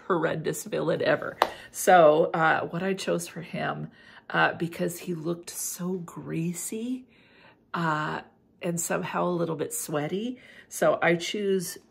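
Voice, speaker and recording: Husky, gravelly-voiced chatty woman. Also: lowish voice. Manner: chatty and animated, full of "like" fillers. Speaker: beauty and fragrance vlogger. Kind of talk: casual chat.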